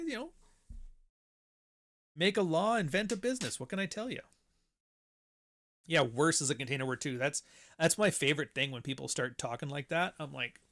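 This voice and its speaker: A podcast host ranting in a blunt, profane and sarcastic way in casual talk. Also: male voice, on the high side, fairly bright tone. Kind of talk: casual opinion rant.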